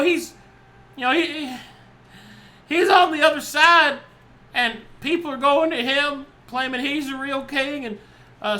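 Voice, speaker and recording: A game master voicing a cheery, chatty male bard who wears a beast costume, rambling excitedly. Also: high-pitched, voice pushed up. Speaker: street bard and drug peddler.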